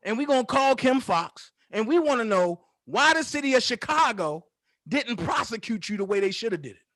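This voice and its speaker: A man with a strikingly high voice hosts his own commentary stream, firing off a heated, profane call-out. He taunts and repeats his jabs for emphasis, recorded close and dry with no room sound. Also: sing-song, moderate pace, a bit bright, no echo. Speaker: commentary channel host. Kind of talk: confrontational call-out rant.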